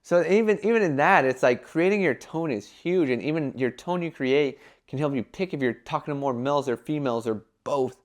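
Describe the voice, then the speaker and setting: A young man giving casual business advice in a vlog, talking animatedly and filling his talk with "like" and quick acted-out quotes. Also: a little high, animated. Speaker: entrepreneur giving brand advice.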